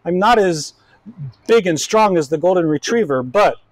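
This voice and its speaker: A man's voice: sits high, animated, normal speed, dry recording. A man doing a meek little chihuahua. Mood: pleading. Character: small humble male chihuahua dog.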